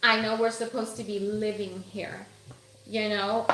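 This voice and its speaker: A woman's voice: mid-range voice, level tone, a little slow, fairly bright tone, a little hiss or hum. A woman vlogger chatting casually and emotionally, gushing as she tells a story. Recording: echoey room with faint music.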